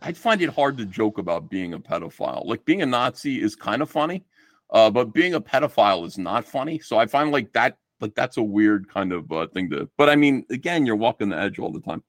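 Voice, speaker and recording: A man's voice: on the low side, big pitch swings, brisk, no echo. A middle-aged man chatting casually as a guest on a podcast, swearing and acting out quoted exchanges.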